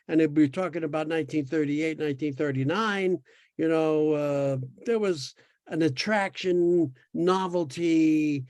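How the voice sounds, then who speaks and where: High-voiced man in his eighties. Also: darkish tone, dry recording, studio quality. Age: 80s. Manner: rambling storyteller with restarts and laughs. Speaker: podcast guest sharing his experience. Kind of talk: casual conversation.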